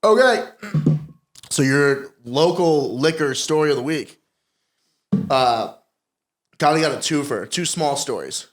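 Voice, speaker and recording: A man's voice: fairly high pitch, lively intonation, takes it slowly, long pauses. A man co-hosting a podcast, joking and bantering in casual chat. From Connecticut, USA. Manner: joking, laid-back banter. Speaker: podcast co-host.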